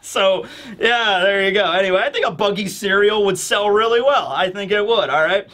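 Bright-voiced man animatedly retelling a story. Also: sits high, moderate pace. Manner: animated, storytelling, acts out scenes. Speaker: host. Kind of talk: casual manga chapter review.

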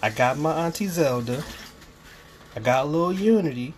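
A man's voice: fairly high pitch, expressive, measured pace, darkish tone, slight background noise. A young man, co-hosting a cooking livestream, reading viewer comments in a teasing, easygoing way. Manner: teasing, laughing easily. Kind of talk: casual livestream chat.

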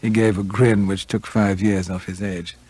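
A man's voice: fairly low pitch, little pitch movement, moderate pace, husky. A man voicing a hot-tempered, drunken male writer who blusters and grows indignant in a spoken storybook reading. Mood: fond. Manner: blustering, indignant, rising to shouts.

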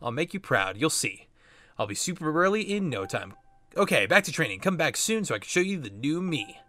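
A man's voice: on the high side, big pitch swings, fairly quick, sharp tone, soft background music, voice pushed up. A man reading the lines of an earnest, self-deprecating young trainee in a video game. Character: weak, eager young male trainee.

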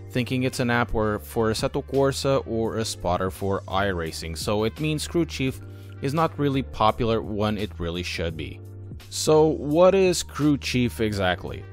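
A man giving a scripted, explanatory voice-over review of a sim racing app. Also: fairly low pitch. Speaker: sim racing channel host.

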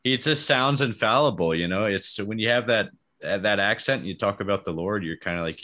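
A man's voice: on the low side, brisk, pushed and bright. A man hosting a podcast interview, chatting in an easygoing, joking way. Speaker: podcast host. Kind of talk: casual chat.

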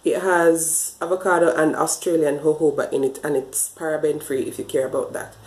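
A woman's voice: deep voice, flat delivery, fairly quick, darkish tone, echoey room, a little hiss or hum, poor audio. A woman vlogging a hair wash routine, explaining each step casually to the camera and a bit out of breath. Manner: chatty, explains step by step while washing her hair. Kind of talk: casual tutorial talk to camera.

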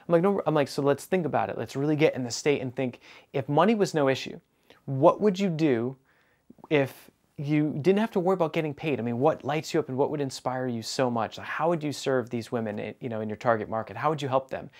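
Male business coach, medium-pitched, upbeat storyteller who acts out dialogue. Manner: energetic, acts out quoted dialogue. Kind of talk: storytelling monologue.

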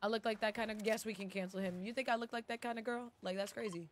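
A woman's voice: mid-range voice, fairly even intonation, fast talker, slight background noise. A woman playing a game with friends, teasing and easygoing in casual chat. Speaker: gaming teammate.

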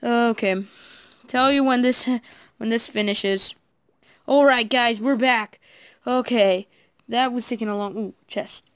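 A woman giving casual, excitable commentary while playing a game, talking to her viewers and admitting she is nervous. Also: on the high side, slow, pauses often, clear, resonant tone, no echo. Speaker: gaming video creator.

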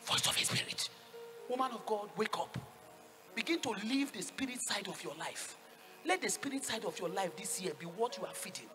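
A woman with a Nigerian accent preaching a sermon, fervent, swinging from hushed tones to shouts and calling for answers from the congregation. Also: mid-range voice, animated, normal speed, over music. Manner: call-and-response with the congregation.

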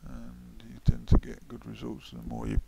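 A man with a Midlands accent from the UK, talking through a digital painting as he works, relaxed and thinking aloud, often dropping to a mutter. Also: medium pitch, moderate pace, creaky, a little hiss or hum. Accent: English Midlands. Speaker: digital artist. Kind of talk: casual painting tutorial voice-over.

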